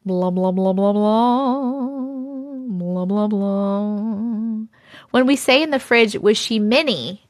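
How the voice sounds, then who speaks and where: A woman hosting a live stream, chatting casually, swearing freely and reading viewer stories aloud with loud disbelief. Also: medium pitch, drawn-out words, pauses often, faint music behind.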